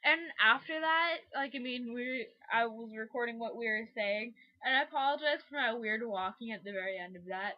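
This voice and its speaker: Young woman vlogger, high voice, loose rambling chat to camera. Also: fairly quick, hardly any pauses, lo-fi sound. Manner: rambling, chatty, lots of fillers. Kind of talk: casual vlog narration.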